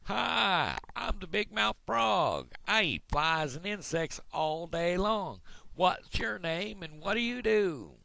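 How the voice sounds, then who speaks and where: A man's voice: very animated, creaky, exaggerated voice. A man voicing a chirpy, boastful male frog with a big mouth, in a told joke. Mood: cheery. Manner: loud, high and eager, drawn-out greetings.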